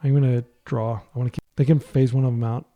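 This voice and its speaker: Man calling his own card game, soft and gravelly, worn-out voice, very dark tone. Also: mid-range voice, fairly even intonation, fast. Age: adult, a parent. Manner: soft, light-voiced talk, thinking out loud. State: voice worn from a long day of talking. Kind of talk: online card game commentary, thinking aloud.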